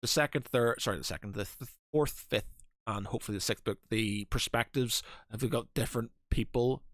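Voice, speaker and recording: A man talks casually on a podcast at an ordinary middle pitch, wandering through his thoughts with plenty of ums and restarts. The sound is dry and close, with no room echo. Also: moderate pace. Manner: rambling, hesitant, many fillers and restarts. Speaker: podcast co-host. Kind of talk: casual chat.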